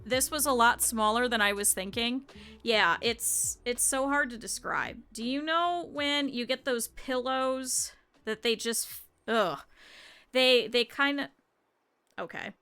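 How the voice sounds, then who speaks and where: Young woman, streamer, casual chat to viewers, thinking aloud, high voice, faint music. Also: slow, sharp tone, clear, resonant tone. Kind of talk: casual live-stream chat while crafting.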